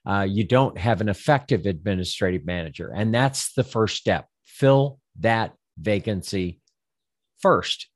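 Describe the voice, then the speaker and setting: A man's voice: on the low side, lively intonation, a little slow, dry recording. Older man coaching, with dry close sound. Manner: rambling, repeats words, voices imagined listener objections. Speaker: business coach for financial advisors. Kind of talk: instructional talk.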